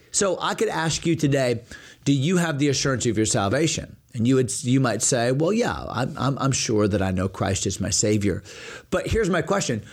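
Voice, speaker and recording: A man explains a Bible passage in conversation. He is an earnest pastor who keeps posing rhetorical questions. His voice sits at a middling pitch.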